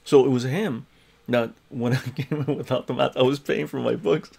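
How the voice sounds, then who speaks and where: A man from Canada hosts a livestream and tells a story with lots of animation, laughing between lines. His voice has a gravelly edge and sits at an ordinary pitch. He talks into a lapel mic. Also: moderate pace. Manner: animated anecdote-telling, laughs often, tag questions. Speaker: livestream host.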